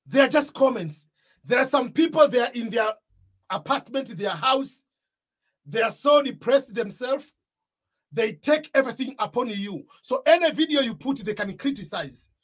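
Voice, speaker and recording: A man's voice: very high voice, expressive, normal speed, fairly bright tone, slightly rough. A man with an East African accent giving a motivational talk about starting a YouTube channel, stressing his points and repeating them. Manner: emphatic, repeats key points. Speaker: YouTube coach.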